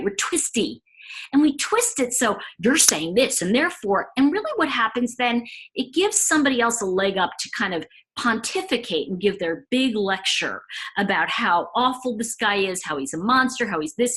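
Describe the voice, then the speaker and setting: A woman's voice: medium pitch, fairly bright tone, husky, rough recording. A woman talking through a case in a rambling, self-interrupting casual monologue as a commentator. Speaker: true crime commentator.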